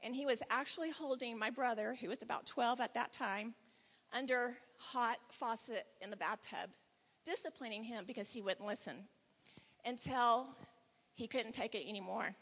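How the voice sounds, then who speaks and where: A woman in her forties tells a personal testimony from a church stage. Her voice sits a little high and rings bright, and it trails off into the long reverb of a big hall. She speaks candidly and slips into dialogue when quoting her son. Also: normal speed.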